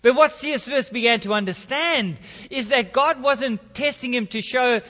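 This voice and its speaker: Earnest high-voiced male preacher. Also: moderate pace, pushed and bright, in a large hall, lo-fi sound. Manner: earnest, reflective, with restarts. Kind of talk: sermon and spoken prayer.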